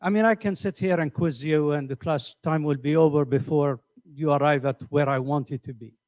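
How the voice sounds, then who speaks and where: A man's voice: on the high side, normal speed, a little mellow, no room sound. A middle-aged man teaching a class, asking his students questions and often repeating words as he thinks. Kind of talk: classroom lecture.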